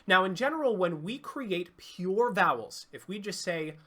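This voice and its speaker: A singing coach giving an online vocal lesson, explaining clearly and demonstrating sounds. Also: medium pitch, lively intonation, measured pace, a bit bright.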